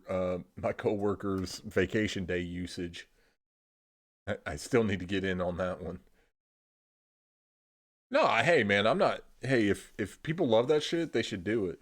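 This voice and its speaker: A young man from Indiana streaming casual rambling chat, laid-back, swearing freely and trailing off into "I don't know.". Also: sits low. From Indiana, USA.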